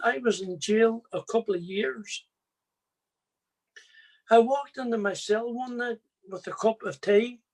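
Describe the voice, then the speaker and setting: Slow-spoken man telling his story. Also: high-pitched. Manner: slow, plain storytelling addressed straight to listeners. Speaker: speaker giving a personal testimony. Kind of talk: personal faith testimony.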